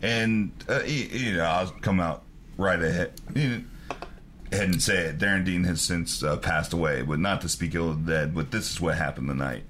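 A man with a very low voice tells wrestling stories in a loose, profane podcast chat. He swears freely and laughs between lines. A faint hum of room noise sits behind him. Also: normal speed. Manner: profane, laughing, animated storyteller. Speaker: wrestling promoter, podcast co-host. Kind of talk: casual storytelling chat.

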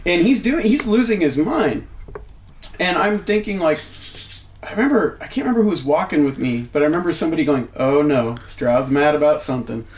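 A man's voice: high voice, fairly quick, slight background noise. A man telling a story in casual chat, swearing freely and acting out the people he quotes. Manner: profane, animated, acts out quoted shouting. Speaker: wrestling show booker.

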